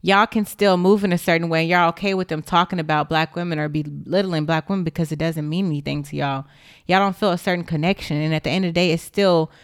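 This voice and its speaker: A woman's voice: on the low side, clean tone, no echo, studio quality. A young woman giving an impassioned, indignant monologue straight to the camera, blunt and emphatic, with swearing.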